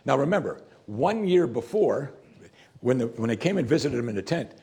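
A male preacher with a gravelly, very husky voice at a middle pitch. He reads scripture and talks it through conversationally, posing questions to his listeners and answering them himself. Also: sing-song, moderate pace, mellow. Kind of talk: sermon with scripture reading.

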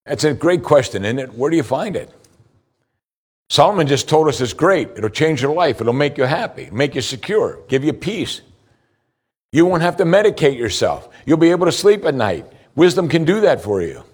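A man preaching a sermon as pastor, asking the congregation rhetorical questions, his voice rising for emphasis and slowing down on key points. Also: very animated, husky. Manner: rises in pitch for emphasis, slows for key points.

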